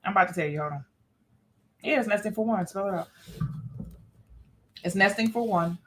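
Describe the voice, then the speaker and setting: A woman's voice: medium pitch, normal speed, fairly bright tone, slight background noise. A woman co-hosting a casual film discussion podcast, chatty, laughing often and talking straight to viewers. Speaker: podcast co-host.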